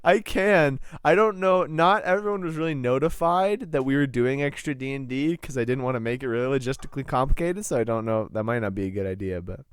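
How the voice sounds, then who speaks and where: A young man running a tabletop game, rambling and often laughing at himself as he improvises. His voice is smooth and resonant, recorded dry and close. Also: mid-range voice, a little fast, hardly any pauses, no room sound. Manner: giggly, rambling, self-deprecating. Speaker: game master.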